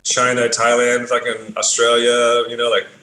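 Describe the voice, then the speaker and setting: A man's voice: mid-range voice, monotone, normal speed, pushed and bright. Laid-back swearing man, roomy sound. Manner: laid-back, swears a lot, many fillers. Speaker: podcast guest. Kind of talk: casual storytelling. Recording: roomy with faint ambient noise.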